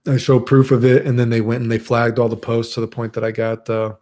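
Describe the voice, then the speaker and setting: A man's voice: medium pitch, little pitch movement, a little fast, a little mellow. A young man chatting casually as a streamer answering chat, crude and rambling, swearing a lot.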